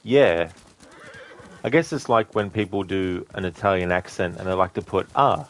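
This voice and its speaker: A man's voice: low voice, normal speed. A man streaming a video game, answering chat in a chatty, rambling way with fillers. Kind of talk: casual gaming commentary.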